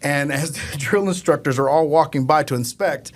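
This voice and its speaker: A man telling casual stories as a podcast guest, animated and often laughing as he talks. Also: fairly high pitch, normal speed. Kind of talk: casual storytelling.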